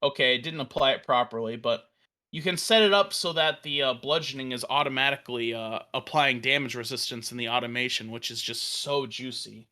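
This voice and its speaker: A man casually walking through a software demo on a live stream, enthusiastic and rambling, with fillers and restarts. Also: mid-range voice, a little fast. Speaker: developer demoing a virtual tabletop.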